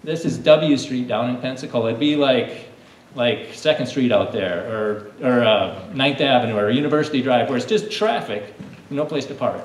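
A man leading a lively lesson for a room of children, coaxing them to call out answers like a coach. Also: medium pitch, normal speed. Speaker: children's teacher. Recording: echoey room, distant mic, faint hum.

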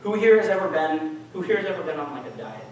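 Male preacher, chatty sermon, slightly higher voice, heard from far off in a church. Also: big pitch swings, fast. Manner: casual, conversational preaching with audience questions. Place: church hall. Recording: echoey church hall, mic from far off.

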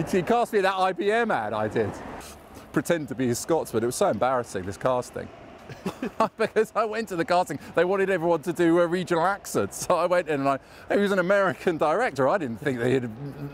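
Leading a casual walking tour on a city street outdoors, an Englishman with an English accent rambles and chats, often poking fun at himself. His pitch is fairly high, and the recording carries a slight hiss or hum.

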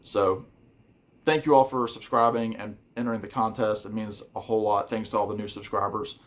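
A man hosting his YouTube music channel, reading out friendly shout-outs to fellow channels with lots of ums and uhs. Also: fairly low pitch, steady tone, a little fast. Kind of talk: casual shout-outs to viewers.

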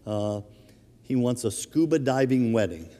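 A middle-aged man preaching a sermon from the pulpit, his voice mellow and dark in tone. He tells stories animatedly and chuckles as he goes, with a long hall reverb trailing every phrase. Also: mid-range voice, unhurried. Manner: storytelling, animated, chuckles through anecdotes. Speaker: pastor. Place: church sanctuary.

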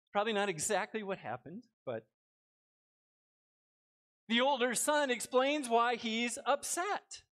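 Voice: medium pitch, sing-song, normal speed, a bit bright. A pastor preaching with rhetorical questions. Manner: reads scripture aloud, then explains it with rhetorical questions. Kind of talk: sermon. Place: church.

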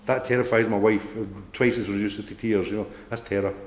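A man's voice: fairly low pitch, fairly even intonation, brisk. A man giving a combative public talk to a local group, blunt and swearing, often asking "right?". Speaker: campaign speaker. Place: meeting room.

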